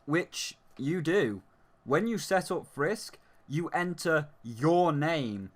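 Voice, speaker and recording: Male reviewer, angry profane rant, unhurried delivery. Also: on the high side, expressive. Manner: heated, profane ranting with emphatic lists. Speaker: game reviewer. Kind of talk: ranting video review.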